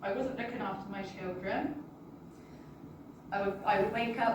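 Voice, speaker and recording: A British woman recounts her own story to a listening audience, speaking in a halting, emotional way and often apologizing. Her voice is picked up from a distance in a very reverberant room. A constant background hum sits under her speech. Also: mid-range voice. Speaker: guest sharing a personal testimony. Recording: roomy, distant, with background noise.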